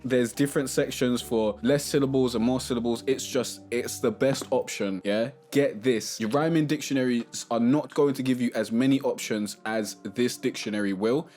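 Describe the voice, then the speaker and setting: Chatty man giving a rap melody lesson. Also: mid-range voice. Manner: relaxed and chatty, sings short melody snippets. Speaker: music tutorial host. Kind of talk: casual tutorial talk to camera.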